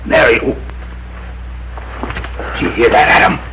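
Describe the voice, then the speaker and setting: A man's voice: lively intonation, unhurried, pushed and bright, a little hiss or hum, rough recording. An actor playing a stern but caring ranch father who speaks to his grown sons. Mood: proud. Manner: commanding, paternal, booming.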